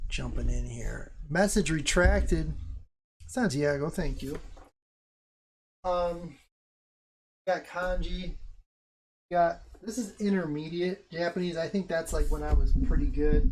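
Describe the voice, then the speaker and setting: A man's voice: fairly high pitch, noisy background. A young man chatting casually on a live stream, rambling and swearing freely, with self-mocking asides.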